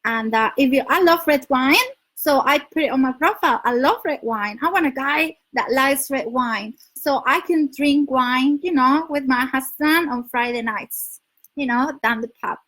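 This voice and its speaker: High-voiced chatty Spanish woman. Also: normal speed, fairly bright tone, low-quality recording. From Spain. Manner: chatty, laughs often, reads out viewer comments. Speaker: dating advice live streamer. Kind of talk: casual live stream chat with viewers. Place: her home in London.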